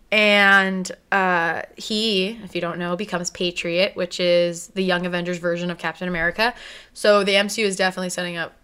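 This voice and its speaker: A young woman talks casually with a friend about a show she loves. She is excitable and breaks into high squeals and shouts when something thrills her. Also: smooth. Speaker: co-host. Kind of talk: casual fan discussion.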